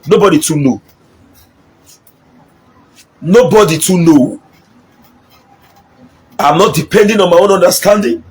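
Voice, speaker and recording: A middle-aged Nigerian man with a high, husky voice delivers a fiery political address. He slides between Pidgin and English and hammers his points home by repeating them. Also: a little slow, pauses often. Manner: impassioned, mixes Pidgin and English, repeats for emphasis. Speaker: local politician. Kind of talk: political speech.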